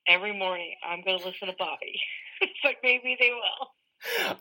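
A woman's voice: mid-range voice, bright, forceful tone. A woman sports reporter guesting on a podcast, telling stories in a playful, teasing way. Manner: playful, teasing, quick storytelling. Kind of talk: casual podcast chat. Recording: dull phone-line audio.

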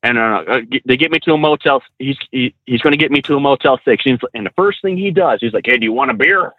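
A man who trains truck drivers, a podcast guest telling animated road stories with frequent laughs and restarts. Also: medium pitch, quick pace, no room sound, phone-quality sound. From California. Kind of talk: casual storytelling.

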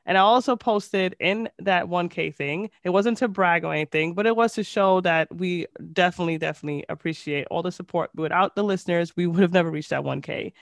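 A woman's voice: lowish voice, a little fast, hardly any pauses, no echo. A woman with a nasal voice co-hosting a casual podcast, chatty and storytelling, recorded over a headset on a video call. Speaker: podcast co-host.

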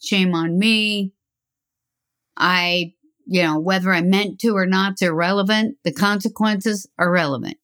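An older woman talking through life advice in an unhurried, rambling way, chuckling now and then. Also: lowish voice, fairly even intonation, a bit bright. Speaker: speaker giving life advice. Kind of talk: slow reflective talk.

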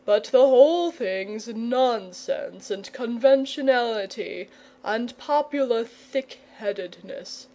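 A woman's voice: fairly high pitch, expressive, slow, dark tone. A woman reading a fussy, genteel dragon. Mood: genial, fussy. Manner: polite, fussy and coy. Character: genteel, nervous, stubborn male dragon.

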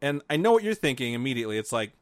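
A man's voice: mid-range voice, big pitch swings, racing, no room sound. A man co-hosting a podcast, telling a spooky story in a casual, joking, profane way. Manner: profane, jokey, mocking asides. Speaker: podcast co-host.

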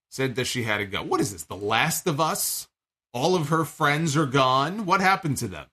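Man, wrestling show host, bright tone, casual chatty recap, wry asides. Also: medium pitch.

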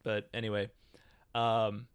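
A man's voice: fairly low pitch, completely flat delivery, slow, clear, resonant tone, dry recording. A man co-hosting a podcast, chatting casually with lots of fillers and restarts. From United States. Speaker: podcast co-host. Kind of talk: casual chat.

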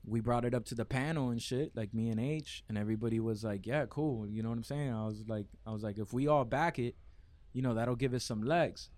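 A man's voice: medium pitch, fairly quick, darkish tone, no room sound. A man from Miami chatting on a podcast, swearing freely and slipping into impressions of his friends mid-story. His mid-range voice sits dry and close to the mic. He sounds loose and talkative. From Miami, Florida. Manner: profane, storytelling, mimics others' voices. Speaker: podcast guest, event organizer. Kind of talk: casual podcast chat.

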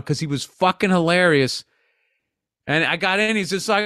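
Man, comedian, high voice, smooth and clear, profane storyteller. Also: quick pace, fairly bright tone, no room sound, clean studio sound. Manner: storytelling, swears a lot, stammers on restarts. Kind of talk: casual podcast chat.

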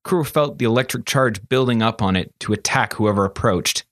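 A man narrating a fantasy story as an audiobook, steady and expressive. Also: mid-range voice, a little fast, no echo, clean studio sound.

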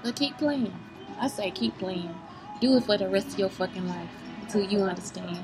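A woman's voice: mid-range voice, fairly even intonation, normal speed, low-quality recording. Heated woman venting with music behind. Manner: heated, profane, keeps asking "you see what I'm saying?"; rambling, circling back on herself. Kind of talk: unscripted venting monologue.

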